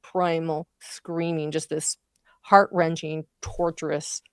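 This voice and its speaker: A woman's voice: low-pitched, flat delivery, slow pace, clean tone, no echo, clean studio sound. A woman commentating on a trial, recounting events in vivid, emotional detail. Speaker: true crime commentator.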